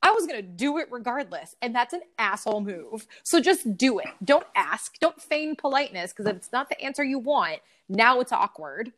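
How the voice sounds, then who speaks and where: A woman co-hosting a casual podcast, telling stories in an animated, swearing rant. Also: on the high side, moderate pace, few pauses. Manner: animated storytelling with frequent swearing. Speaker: podcast co-host. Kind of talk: casual ranting chat.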